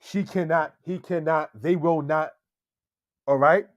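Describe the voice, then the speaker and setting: A man teaching Hebrew in a slow, deliberate lesson style, often checking in with "all right?" and calling his viewers family. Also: on the high side, steady tone, no echo, highs cut off. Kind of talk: slow screen-share language lesson.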